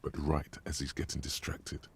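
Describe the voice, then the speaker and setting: A man narrating a video game in a measured, wry, scripted voice. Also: extremely low pitch, monotone, slightly rough, exaggerated voice. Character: grave inner-voice narrator man.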